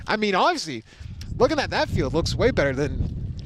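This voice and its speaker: A man's voice: high voice, very animated. A young man from Massachusetts doing rambling, chatty commentary at an outdoor baseball game. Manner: chatty, rambling, quick to laugh. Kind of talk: casual play-by-play banter. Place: outdoors at a ballfield. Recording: loud wind noise outdoors.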